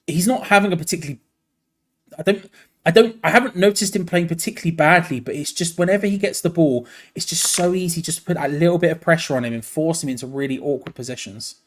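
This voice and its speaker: Excitable young fan commentator, higher voice. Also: male voice. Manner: animated and excitable, laughing, frustrated groans. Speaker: fan watch-along host.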